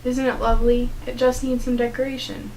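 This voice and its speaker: A young woman voicing a kind, hopeful young heroine in a storybook read-aloud, eager and bright. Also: a little high, flat delivery, a little fast, recorded from a distance, a little hiss or hum, lightly acted, poor audio.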